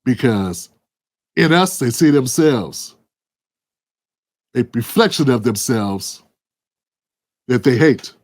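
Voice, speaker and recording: A man's voice: medium pitch, lively intonation, slow pace, long pauses. A man giving impassioned political commentary, preaching and firing off rhetorical questions at a co-host. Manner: addresses a co-host by name.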